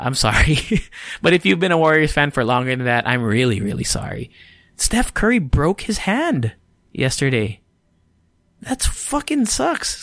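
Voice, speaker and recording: A man's voice: medium pitch, fairly bright tone, no room sound. A man hosting a casual solo podcast, a little sleepy, rambling, swearing freely and often cutting himself off mid-sentence. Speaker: podcast host.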